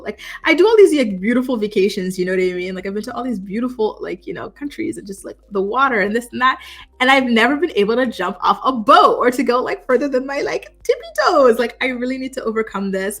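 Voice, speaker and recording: A woman's voice: medium pitch, fairly bright tone. A woman in casual, chatty commentary, recapping a reality show with lots of gossipy asides. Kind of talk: casual chat.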